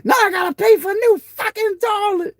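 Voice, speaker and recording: A man on a phone mic imitating his scolding mother, who yells and curses at her son. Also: fairly quick, no echo. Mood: shrieking angry. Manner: shrill, cursing, exasperated shouting.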